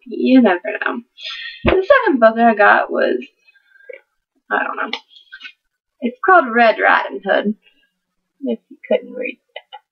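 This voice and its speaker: Slightly high, creaky and a bit rough, a teen book vlogger's voice comes through dull lo-fi webcam audio as she chats at home to camera, giggly and hyper while rambling about her books.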